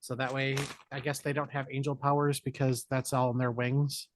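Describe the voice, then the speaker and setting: Animated man recapping a movie. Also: medium pitch, normal speed, no room sound, studio quality. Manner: animated, jokey retelling with put-on character lines. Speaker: podcast co-host. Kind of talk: casual movie recap chat.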